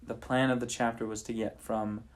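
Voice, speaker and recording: A man's voice: medium pitch, flat delivery, normal speed. Father improvising a bedtime story. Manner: casual, thinking aloud, many restarts. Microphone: handheld recorder.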